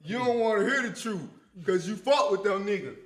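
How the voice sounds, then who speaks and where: A man with a Memphis accent, co-hosting a live reaction stream, talking loud and profane in heated casual banter. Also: high-pitched, expressive, brisk, echoey room. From Memphis, USA. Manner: loud, big-mouthed, profane, argumentative.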